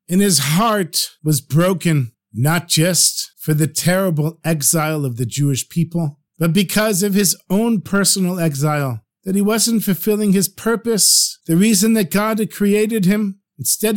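Expressive male storyteller, slightly high voice. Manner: expressive, acts out characters' pleas. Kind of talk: storytelling narration.

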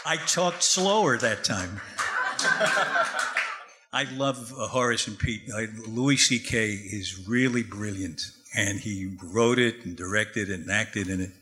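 An older man, a veteran actor, chatting as a guest in a wry, halting way. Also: lowish voice. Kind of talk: casual chat.

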